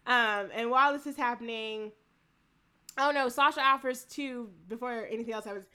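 A woman's voice: fairly high pitch, normal speed, clean tone. A woman co-hosting a casual chat, retelling a TV episode with lots of laughter and profanity. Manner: animated, laughing, profane storytelling. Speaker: podcast co-host.

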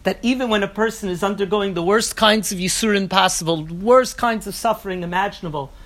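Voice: mid-range voice, a little fast, fairly bright tone. A teacher giving an evening lecture on a Talmud passage, reading each line in the original and translating it phrase by phrase, with earnest restated phrases and a few hesitant fillers. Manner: occasional hesitant fillers while searching for words. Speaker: Torah teacher.

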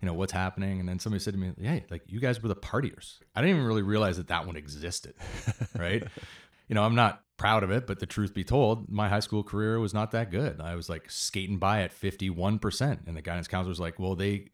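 A man in his thirties from Canada, a firefighter telling relaxed, rambling stories in a casual interview. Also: on the low side, brisk, no room sound, clean studio sound. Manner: relaxed, rambling anecdotes with many asides. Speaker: firefighter and instructor, guest.

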